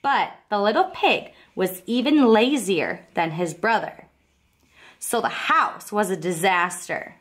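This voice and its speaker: A woman teacher reading a picture book aloud to young children, expressive and asking them questions. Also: mid-range voice, a little slow.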